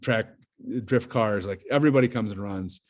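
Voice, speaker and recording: A man's voice: lowish voice, normal speed. A man as a podcast guest, telling a story in casual chat, rambling with lots of fillers and restarts.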